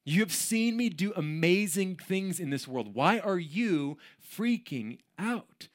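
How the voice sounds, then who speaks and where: A man voicing Jesus as a calm, reassuring figure who pleads gently with frightened followers. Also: high-pitched, slow, voice pushed up.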